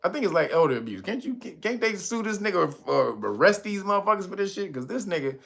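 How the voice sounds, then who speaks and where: A man's voice: high voice, sing-song, quick pace, vocal fry, a bit bright. A man hosting a commentary show, talking about the news in a loose, slangy, joking way and often breaking into laughter. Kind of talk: casual profane news commentary.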